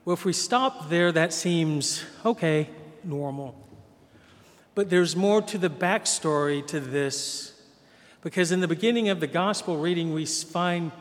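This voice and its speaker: A man preaching a sermon as pastor, telling the gospel story conversationally and acting out the quoted voices. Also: a little high. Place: church. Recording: long hall reverb.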